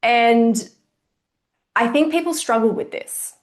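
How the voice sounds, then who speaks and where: A woman's voice: fairly high pitch, slow. A woman hosting a coaching podcast, chatting casually and telling stories expressively. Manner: expressive, animated storyteller. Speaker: podcast host, kids jiu jitsu coach. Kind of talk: casual conversation.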